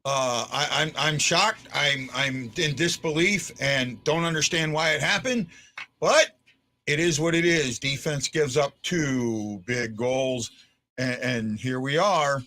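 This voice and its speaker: A man hosting a fan post-game show in casual chat, stammering and restarting his words and swinging from stunned to excited. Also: medium pitch, takes it slowly.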